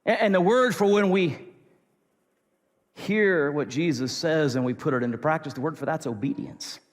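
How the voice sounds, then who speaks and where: Male pastor, somewhat high voice, earnest repetitive sermon, long hall reverb. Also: normal speed. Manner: earnest, repetitive, swings between loud and soft.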